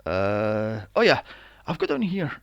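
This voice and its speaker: A man's voice: lowish voice, wildly swooping pitch, a little slow, creaky, fairly bright tone, no echo, muffled recording. A man co-hosting a casual movie podcast, incredulous and swearing freely as he fires off rhetorical questions. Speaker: podcast co-host. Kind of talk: casual film discussion.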